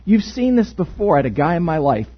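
A man's voice: on the high side, very animated, quick pace, slightly rough, dull audio. A male pastor giving an interactive sermon in a church, joking and asking the congregation questions. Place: church sanctuary.

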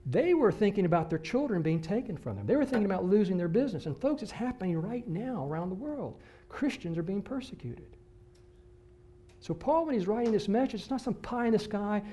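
A male pastor with a high voice tells a personal story during a sermon, his animated delivery swinging between excited bursts and hushed moments.

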